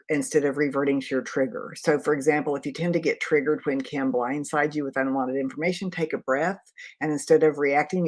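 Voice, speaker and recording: A woman's voice: low voice, a little mellow. A middle-aged woman and leadership coach giving a live teaching talk, earnest, practical and conversational.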